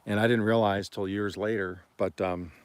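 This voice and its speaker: A man from Oklahoma hosting a homestead livestream, telling stories in a rambling, folksy way and often clearing his throat. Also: fairly low pitch, fairly even intonation, moderate pace, no room sound. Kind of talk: casual storytelling on a livestream.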